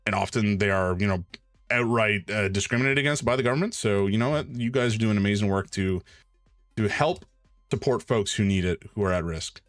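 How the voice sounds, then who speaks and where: A man hosting a charity live stream, chatting casually while he draws and thanking donors in an excitable, joking way. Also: fairly low pitch, a little fast, no echo, studio quality, faint music behind.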